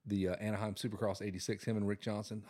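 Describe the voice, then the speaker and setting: A man's voice: on the low side, level tone, fast, mellow. A man co-hosting a podcast in casual chat, telling stories and bantering with laughs. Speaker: podcast co-host.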